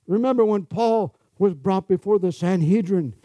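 A man preaches with a high-pitched yet mellow, dark voice. He laughs often and slips into sarcastic asides. The sound is dry and close, with no room echo. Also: moderate pace. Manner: chuckling, sarcastic asides, acts out quoted voices. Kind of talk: sermon.

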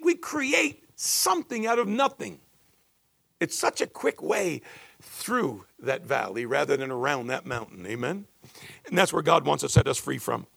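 A man in his sixties preaching a sermon, building to emphatic peaks and dropping low and confiding when he tells stories. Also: vocal fry, a bit bright, slightly rough, no room sound. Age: 60s. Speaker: pastor.

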